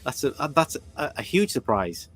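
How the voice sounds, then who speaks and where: A man in his forties co-hosting a livestream, relaxed and easygoing, reading viewer comments aloud. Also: mid-range voice, moderate pace, slightly rough. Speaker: livestream co-host. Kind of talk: casual chat.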